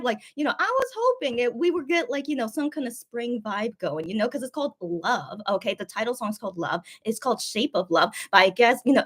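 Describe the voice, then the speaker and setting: A woman chatting casually on a livestream as host, rambling and giggling, with lots of fillers and restarts, a little sick after a booster shot. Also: a little high. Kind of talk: casual live-stream chat.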